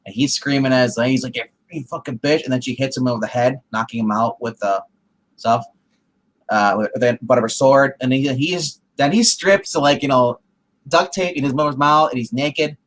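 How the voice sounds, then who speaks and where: A man in casual chat, co-hosting a comic book review. He retells the story in a rambling way, with restarts and filler words. His voice sits at a middle pitch. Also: normal speed, a bit bright, rough recording.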